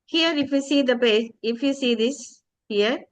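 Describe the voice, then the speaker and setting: A woman with an Indian English accent teaching English pronunciation, saying each word slowly and repeating it for a student to echo. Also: a little high. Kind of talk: pronunciation drill lesson.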